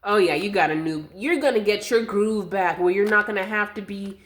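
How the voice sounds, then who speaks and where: A woman doing a collective tarot reading to camera, soothing and affectionate, a little winded. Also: mid-range voice. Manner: slow, soothing and affectionate, calls viewers loves and darling. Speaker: tarot reader.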